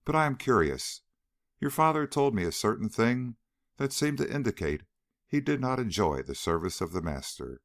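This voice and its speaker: A man reading the part of a calm, dry-witted male secret agent in an audiobook. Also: mid-range voice, creaky, pitched above the performer's own voice. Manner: dry, mild, measured.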